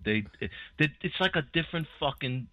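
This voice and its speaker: A man's voice: fairly high pitch, animated, a little fast, sharp tone, no echo, low-quality recording. A man with a New York accent co-hosting a casual show, blunt and profane, stumbling over restarts. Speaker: co-host. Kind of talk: casual podcast banter.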